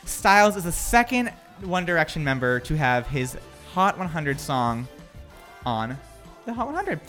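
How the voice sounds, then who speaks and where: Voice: mid-range voice, big pitch swings, measured pace, a bit bright, faint music behind. A quiz host reading out multiple-choice answers and laughing often in a casual chat. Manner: upbeat, laughs often, reads answer options. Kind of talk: casual radio quiz hosting.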